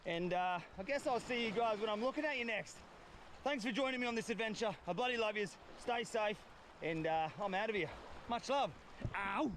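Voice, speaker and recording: A man's voice: sits high, fairly quick, a bit bright, slight background noise. A young Australian man talking to camera on a beach during a fishing trip, chatty and slangy, with background music. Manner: chatty, slangy, swears at himself. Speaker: fishing vlogger. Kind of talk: casual vlog to camera. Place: outdoors on a beach.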